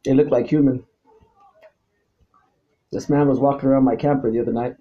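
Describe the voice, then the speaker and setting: A man talking alone to the camera, swinging between low mutters and loud, angry, profane outbursts and repeating himself. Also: fairly even intonation, a little fast, muffled recording. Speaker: vlogger. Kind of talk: rambling solo monologue to camera.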